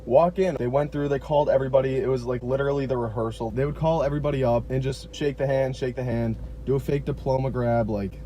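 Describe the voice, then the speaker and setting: A young man in his late teens, telling a story in an excitable, joking vlog style and swearing freely. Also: medium pitch, quick pace, hardly any pauses, muffled recording, slight background noise. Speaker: vlogger.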